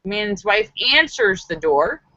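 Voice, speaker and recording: A woman hosting a live stream, reading viewers' jokes aloud and acting out the voices with giggly, animated delivery. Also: mid-range voice, measured pace, no room sound, dull audio. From Los Angeles area.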